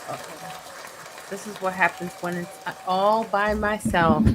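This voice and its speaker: A woman's voice: fairly even intonation, slow pace, a bit bright, slight background noise. A woman comedian hosting her own live stream in a casual, chatty way, greeting viewers and reading out their comments. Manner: says she is using a weird low radio voice. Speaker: comedian and podcast host.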